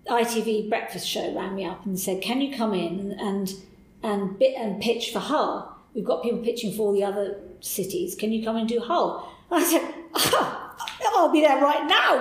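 A middle-aged woman, a podcast guest, telling candid stories in an animated, enthusiastic way. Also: medium pitch. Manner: animated and enthusiastic, acts out quoted voices. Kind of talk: candid anecdotal storytelling. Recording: roomy echo.

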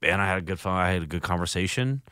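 Earnest deep-voiced man, dry studio sound. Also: bright, forceful tone, clear, resonant tone, no room sound. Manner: earnest, halting with frequent restarts. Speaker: podcast host. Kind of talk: reflective solo podcast monologue. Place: recording studio.

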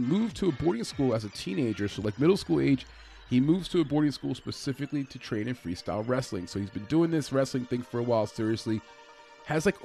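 A man's voice: medium pitch, darkish tone. A man giving a casual, conversational breakdown of an upcoming fight, with frequent fillers and restarts. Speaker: MMA fight analyst.

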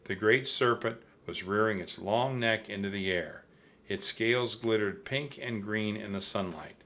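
Bright, unhurried man reading a kids' story. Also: lowish voice, slight background noise. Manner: expressive, addresses kids directly. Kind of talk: reading a children's book aloud.

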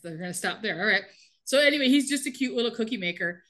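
A fast-talking woman with a fairly high, slightly bright voice co-hosts a casual podcast. Animated throughout, she retells a TV episode in easy conversation and laughs frequently.

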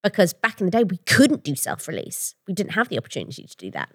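A woman's voice: on the low side, wildly swooping pitch, fast, fairly bright tone, husky, no echo, studio quality. A woman with an English accent and the odd Canadian-sounding word, co-hosting a casual podcast and telling rambling stories with a lot of "like"s. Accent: English, with odd Canadian-sounding words. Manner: chatty, rambling storyteller with many "like"s; swears freely while joking. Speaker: podcast co-host.

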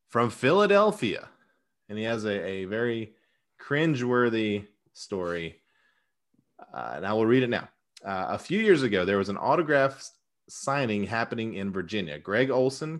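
A man's voice: lowish voice, fairly bright tone. A man co-hosting a casual sports podcast, chatty, with lots of fillers. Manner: chatty, with frequent fillers and laughs. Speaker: podcast co-host.

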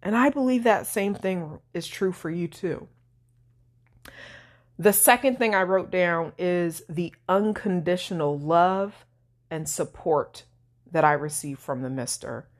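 A woman's voice: on the low side, unhurried. A woman hosting her own podcast, speaking emotionally and tearfully, laughing through her tears. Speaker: podcast host. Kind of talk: heartfelt solo podcast talk.

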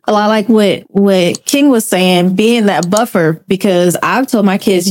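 A woman's voice: medium pitch, unhurried, hardly any pauses, a little mellow, dry recording. A woman speaking earnestly in a casual group discussion. She laughs easily as she talks. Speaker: podcast co-host.

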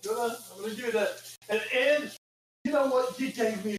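A man co-hosting a podcast in casual chat, excitable and animated, breaking into shouted asides. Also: extremely high pitch, fairly quick, roomy sound, a little hiss or hum, poor audio. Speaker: podcast co-host.

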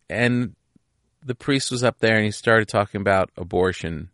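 A man's voice: on the low side, moderate pace, pauses often, fairly bright tone, no echo, studio quality. A man chatting as a guest on a casual podcast, easygoing and agreeable as he tells family stories. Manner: laid-back, easygoing, lots of agreeing.

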